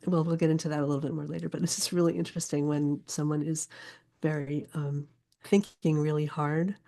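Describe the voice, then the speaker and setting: An older woman, a poet and teacher, explaining her subject in a casual interview, thoughtful and often pausing to search for words. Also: sits low, little pitch movement, gravelly, warm tone.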